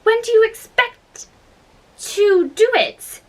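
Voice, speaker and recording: A woman's voice: extremely high pitch, lively intonation, slow pace, pitched above the performer's own voice, full character voice, rough recording. A woman reading aloud and voicing Alice, a polite and curious young girl, in a raised, earnest voice with slips and restarts. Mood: anxious. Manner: earnest, questioning. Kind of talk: storybook reading.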